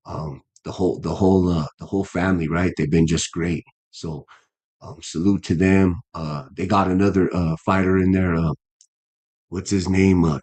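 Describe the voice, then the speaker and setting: A man's voice: deep voice, a little mellow, slightly rough. A man in his fifties, a guest boxer in a casual interview, talking earnestly with many restarts and fillers. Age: 50s.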